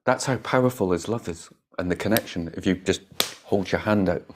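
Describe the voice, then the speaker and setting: A man teaching meditation in a relaxed Buddhist dharma talk. His voice sits fairly low, and his delivery is lively and emphatic. He laughs often, repeats himself and lets a casual swear slip. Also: fairly quick, background noise.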